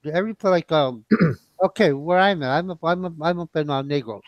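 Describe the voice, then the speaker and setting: A man's voice: fairly high pitch, normal speed, no room sound, muffled recording. A man from the United States in a casual group chat, talkative and insistent, often laughing.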